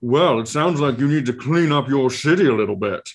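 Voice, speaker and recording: A pompous, genteel floating eye monster from a tabletop game, fussy and old-fashioned in its manners, as a man puts it on. The voice sits higher and louder than an everyday man's. Its phrasing stays polite and airy. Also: animated, fairly quick, lightly acted. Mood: aloof, haughty.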